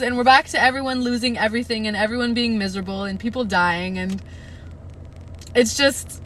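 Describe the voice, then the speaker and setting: A woman reading a novel aloud on a live stream, with steady narration and emotional, gushing asides to her chat. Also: fairly high pitch, brisk, a little hiss or hum, poor audio. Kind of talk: live read-aloud with reactions.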